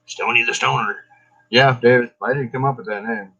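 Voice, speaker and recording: A man's voice: mid-range voice, fairly even intonation, a little fast, gravelly, sharp tone, husky, dull audio. A middle-aged man chatting casually on a livestream, rambling and swearing, laughing often and coughing from smoke. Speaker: cannabis vlogger.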